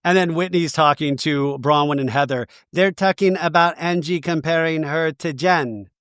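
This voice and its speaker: A man's voice: fairly high pitch, moderate pace, a bit bright, clean tone, no echo, studio quality. A man hosting a podcast, recapping a show casually and acting out the quotes. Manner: gossipy, acts out quotes. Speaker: podcast host.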